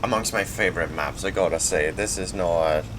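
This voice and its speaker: A Swedish man, just woken up and a bit groggy, commenting casually on his gameplay with a laid-back, rambling manner and sudden loud outbursts. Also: deep voice, moderate pace, a little hiss or hum. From Sweden. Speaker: gaming channel host.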